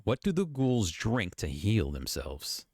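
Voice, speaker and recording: Animated low-voiced man reacting. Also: slow pace, no echo. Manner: animated, chatty, breaking into laughs and voices. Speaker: YouTube commentator. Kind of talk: casual reaction commentary.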